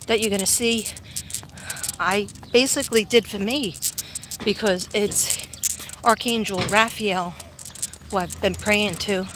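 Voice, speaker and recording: On a walk outdoors, a middle-aged psychic vlogger chats casually on a live stream, rambling and reading viewer comments aloud. Her voice sits in the mid-range, and background noise comes through.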